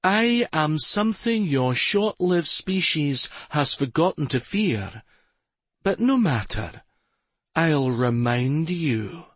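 A man voicing a soft-spoken, predatory female creature who speaks in a silky purr. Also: low voice, very animated, breathy edge, no echo, pitched above the performer's own voice, heavily acted. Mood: menacing. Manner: slow, cold, mocking menace. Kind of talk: audiobook narration.

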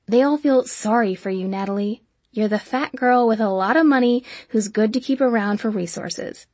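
A spiteful young woman bullying a rival, voiced by a woman reading a novel aloud. She drags her words out slowly, sugary on top and cruel underneath. The voice is husky and close, with no room around it. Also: a little high, a little mellow, no room sound, close to an everyday voice. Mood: taunting.

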